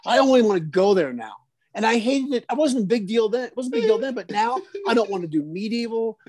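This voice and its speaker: A man's voice: sits high, quick pace, dry recording. Guy rambling thru stories, cussing a lot, tripping over his words, dry close sound. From South Jersey. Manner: profane, animated, stammering restarts. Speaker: storyteller guest. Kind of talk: casual storytelling chat.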